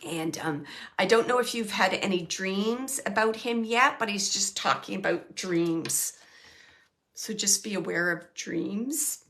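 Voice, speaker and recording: A woman medium relaying messages to an audience member, speaking softly, often dropping to a hush, with frequent restarts. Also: mid-range voice, unhurried. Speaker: medium giving readings. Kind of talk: live mediumship reading to an audience.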